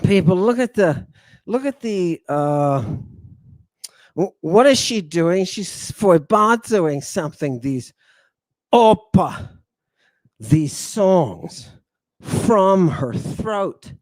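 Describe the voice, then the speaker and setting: Middle-aged male host, high-pitched, dry close sound, dramatic lecturer with sighs and booming asides. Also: lively intonation, extremely slow, long pauses, darkish tone, dry recording. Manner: theatrical, sighing, swings from booming to muttered asides. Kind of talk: animated lecture to an online audience.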